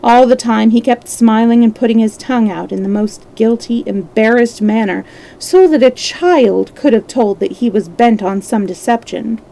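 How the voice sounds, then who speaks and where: A woman storyteller reading a classic adventure novel aloud on a live stream, steady and measured with small slips. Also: fairly high pitch, creaky, poor audio.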